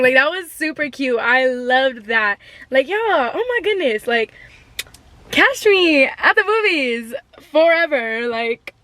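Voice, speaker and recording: A young woman talks straight to her camera in a chatty, gushing vlog style, full of slang. Her voice sits high and bright in pitch. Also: no room sound. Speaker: vlogger. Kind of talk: casual chat to camera.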